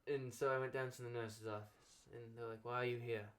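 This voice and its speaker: A man's voice: medium pitch, level tone, fairly quick, fairly bright tone. A young man hosting a casual podcast, telling a long school anecdote with lots of fillers and acted-out dialogue. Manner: rambling anecdote full of "like" fillers, acting out quoted dialogue. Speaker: podcast host. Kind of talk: casual storytelling chat.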